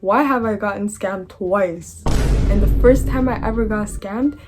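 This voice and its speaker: Young woman vlogger, casual storytime read, animated and slangy, drops sentences halfway, faint music under her. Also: mid-range voice, unhurried.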